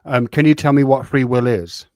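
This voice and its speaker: A man's voice: mid-range voice, moderate pace, darkish tone, no room sound, clean studio sound. A man debating online, a little drunk, combative and cursing, cutting in often. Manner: combative, interrupts, curses.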